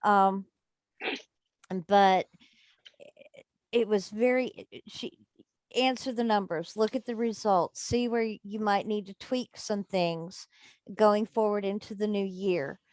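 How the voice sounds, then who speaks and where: A woman's voice: mid-range voice, fairly even intonation, slow, long pauses, darkish tone, dry recording. Woman on a group call, thoughtful, lots of ums, dry sound. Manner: reflective, hesitant with many fillers. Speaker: member of an online business group. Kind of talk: casual group video call.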